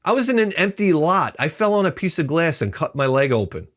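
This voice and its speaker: A man's voice: on the high side, sing-song, brisk, a bit bright. A middle-aged man telling rambling, profane comic stories and acting out quoted people in other voices. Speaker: channel host. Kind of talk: rambling comedic storytelling.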